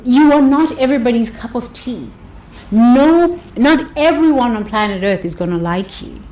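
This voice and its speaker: Expressive woman, high voice. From South Africa. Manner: expressive, laughs often, drawn-out emphatic words. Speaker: speaker giving a talk. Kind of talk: motivational monologue.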